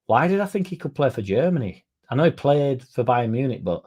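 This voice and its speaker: A man's voice: mid-range voice, lively intonation, a little fast, hardly any pauses, a little mellow. A man hosting a football fan channel, chatting casually in a rambling, sweary, self-mocking way.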